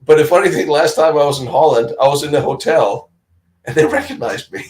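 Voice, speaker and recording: A man's voice: a little high, brisk, a little mellow, low-quality recording. A middle-aged man from Denmark, co-hosting a casual live-stream chat, a chatty storyteller who laughs often and acts out the voices of other people.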